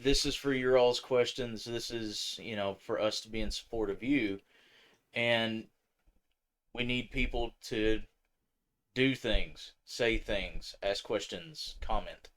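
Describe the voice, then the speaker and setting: A man's voice: fairly low pitch, slow pace, fairly bright tone. A man co-hosting a casual live stream, laid-back, laughing often and swearing casually.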